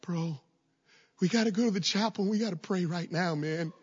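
A man voicing his intense, dramatic young college roommate, pleading high and urgently, full of "bro" and "man". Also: brisk, darkish tone, husky. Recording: echoey hall, dull lo-fi sound.

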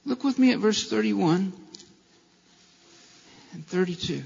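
A man's voice: high-pitched, animated, takes it slowly, vocal fry, darkish tone, breathy edge. A male pastor preaching a sermon with impassioned delivery and rhetorical questions, in a church. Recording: long hall reverb, dull lo-fi sound.

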